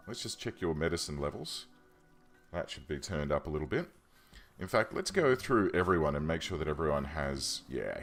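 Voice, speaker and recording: Low-voiced, lively gaming commentator man. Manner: chatty, thinking aloud, self-correcting. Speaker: let's play host. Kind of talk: casual game commentary. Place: home room.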